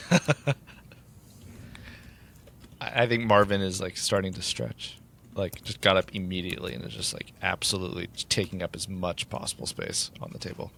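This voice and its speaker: Low, gravelly man in joking banter. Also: steady tone, normal speed, long pauses, a bit bright, slight background noise. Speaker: player and co-host. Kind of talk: casual chat.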